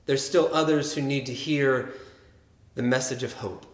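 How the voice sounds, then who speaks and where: A man voicing a calm male teacher within a sermon, speaking softly and earnestly. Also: medium pitch, a little slow, close to an everyday voice. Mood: gentle. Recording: roomy echo.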